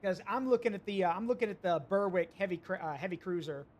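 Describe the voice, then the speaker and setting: A man's voice: sits high, expressive, quick pace. A man streaming a naval strategy game, thinking aloud with hesitations and chatting to his viewers. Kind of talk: live gameplay commentary.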